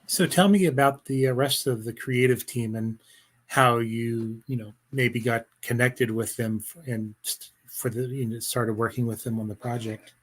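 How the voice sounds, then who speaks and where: A man's voice: mid-range voice, steady tone, moderate pace, fairly bright tone, breathy edge. A man hosting an interview, asking questions with stumbling restarts. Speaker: interviewer, host. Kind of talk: casual interview.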